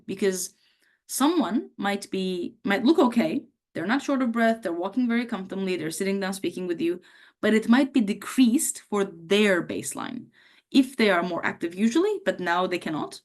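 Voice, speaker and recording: A woman lecturing medical students, her voice a little hoarse from a cough. She talks in a relaxed, conversational way and slips into the questions she would put to a patient. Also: mid-range voice, normal speed. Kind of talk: teaching a workshop on history taking.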